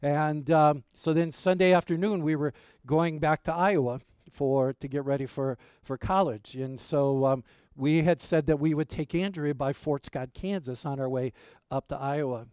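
A man's voice: a little high, steady tone, moderate pace, darkish tone, clear, resonant tone, no room sound, studio quality. A middle-aged male pastor preaching a sermon, telling family stories in a folksy, rambling way with many fillers.

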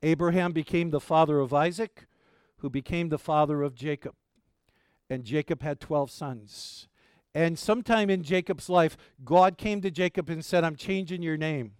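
A man preaching a sermon, telling a childhood story in a lively way and checking in with the congregation as he goes. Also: fairly high pitch, moderate pace, clean tone, no room sound, clean studio sound. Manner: animated storyteller, asks the congregation "okay?" and "right?". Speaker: pastor.

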